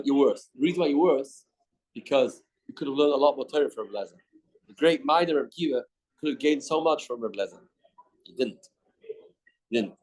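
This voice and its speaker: A man's voice: fairly high pitch, a little mellow. A man giving a daily Talmud class in a study hall, reading the text aloud and explaining it in English, acting out the dialogue as he goes. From Canada. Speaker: Talmud teacher.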